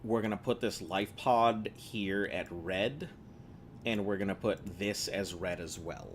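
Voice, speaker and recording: A rather low-voiced American man talks his way through a game session, rambling and chatty, amused by his own remarks. A faint hum of room ambience sits under his voice. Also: a little slow. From United States. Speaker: streamer. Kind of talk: casual gameplay commentary.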